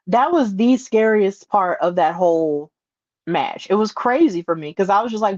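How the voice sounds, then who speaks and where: A woman hosting a solo podcast, retelling events in an excitable, animated way with playful asides. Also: mid-range voice, normal speed, no room sound, dull audio. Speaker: podcast host.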